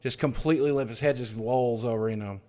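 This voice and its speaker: A middle-aged man telling a painful personal story on his livestream, swearing often and swinging between hushed mutters and loud outbursts. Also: medium pitch, quick pace. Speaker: streamer.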